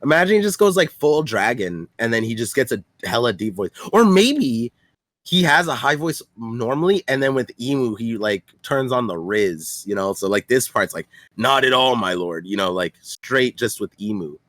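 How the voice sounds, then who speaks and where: A man co-hosting a podcast, talking excitedly about manga in casual chat, with lots of fillers. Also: mid-range voice, moderate pace, no echo. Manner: excitable, many filler words and restarts. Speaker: podcast co-host.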